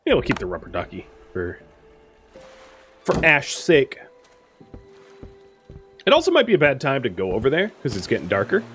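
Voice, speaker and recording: A man's voice: medium pitch, huge pitch swings, normal speed, pauses often, fairly bright tone, soft background music. A man streaming a survival game live, chatting casually, thinking aloud and answering his chat as he plays.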